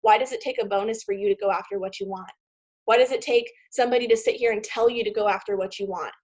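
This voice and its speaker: A woman giving an emotional, excitable motivational talk to her sales team over a video call. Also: on the high side, fast, husky. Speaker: team leader.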